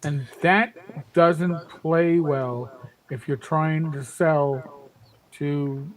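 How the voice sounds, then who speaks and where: A man's voice: on the high side, fairly even intonation, extremely slow, poor audio. A man in his fifties chatting on a panel podcast, emphatic and rambling, with many restarts. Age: 50s. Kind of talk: casual panel chat.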